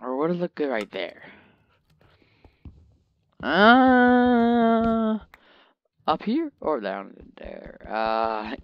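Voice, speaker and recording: This medium-pitched male gamer offers loose, wandering commentary on his game, joking and talking to his virtual pet. There's no room sound, though the mic itself is dull and lo-fi.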